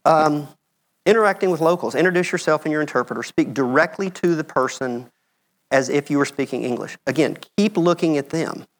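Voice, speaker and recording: A man's voice: fairly high pitch, brisk. Chatty American man giving a slide talk. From United States. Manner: conversational, checks in with "okay?". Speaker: medical mission speaker.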